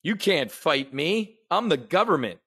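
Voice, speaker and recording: A man's voice: a little high, very animated, unhurried, pushed and bright, breathy edge, no echo, clean studio sound, voice pushed up, exaggerated voice. A man doing a sneering mock impression of a blustering old male politician.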